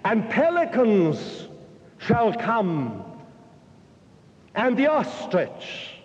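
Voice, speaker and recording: A man voicing a strange, shepherd-like Hebrew prophet who calls out slow, drawn-out proclamations of doom. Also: high-pitched, huge pitch swings, full character voice. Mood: proclaiming. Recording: dull, echoey hall recording.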